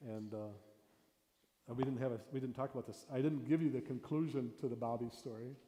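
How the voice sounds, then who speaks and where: A man who is a pastor teaches a storytelling workshop, lively and playful, acting out storyteller voices and dropping to a hushed tone for suspense. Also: mid-range voice, fairly quick, a little hiss or hum. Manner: animated, acts out storytelling voices, drops to a whisper for suspense. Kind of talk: interactive workshop lesson. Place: church hall. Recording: echoey hall, long reverb.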